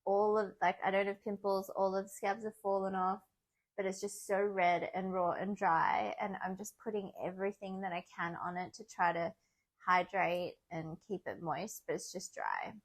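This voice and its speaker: A young woman, chatting casually in a vlog, animated and often laughing as she acts out what others said. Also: medium pitch, moderate pace. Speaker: vlogger.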